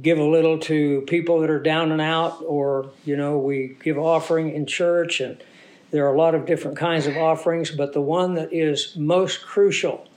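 A man's voice: fairly high pitch, fairly even intonation, moderate pace, a little mellow. A man preaching a sermon, teaching with rhetorical questions to the congregation and sounding a little congested. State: congested from a sinus infection. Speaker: pastor.

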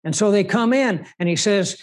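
Male preacher, high-pitched, emphatic, full of rhetorical questions. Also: moderate pace. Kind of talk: sermon.

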